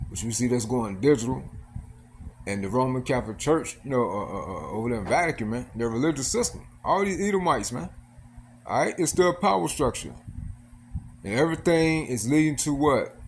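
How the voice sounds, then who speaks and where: A man's voice: mid-range voice, darkish tone. Man preaching loosely over faint noise. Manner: loose and rambling, many fillers, calls out "man" and "all right?". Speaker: scripture teacher. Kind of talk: informal scripture teaching.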